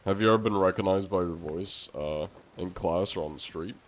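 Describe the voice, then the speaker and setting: Deep-voiced young man rambling casually. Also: fairly quick, slight background noise. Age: young adult. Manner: loose, rambling, frequent fillers and swearing. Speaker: streamer. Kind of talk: casual stream chat answering viewer questions.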